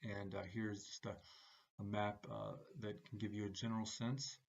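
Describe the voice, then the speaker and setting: A man giving a recorded class lecture, speaking haltingly with many "uh" fillers between phrases. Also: fairly low pitch, level tone, gravelly, dull audio.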